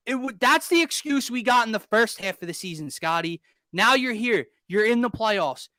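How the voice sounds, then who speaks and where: Young male sports host, high bright voice, exasperated rants, dry close sound. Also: lively intonation, normal speed, dry recording. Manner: exasperated, ranting, sarcastic. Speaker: podcast host. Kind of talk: casual sports talk.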